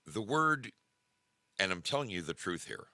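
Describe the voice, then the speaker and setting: A man hosting a casual livestream, animated and emphatic, often repeating himself. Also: low-pitched, normal speed, creaky, dry recording, studio quality. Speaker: show host.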